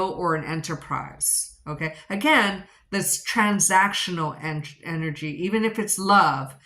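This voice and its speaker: A woman's voice: on the low side, fairly bright tone. A woman giving a rambling, chatty tarot reading, repeating her questions to the cards and a little out of breath. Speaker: tarot reader.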